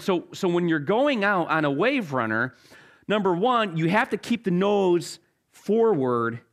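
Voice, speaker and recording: Male pastor, sermon, lively storytelling, lots of restarts, fairly high voice. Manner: animated storytelling with halting restarts.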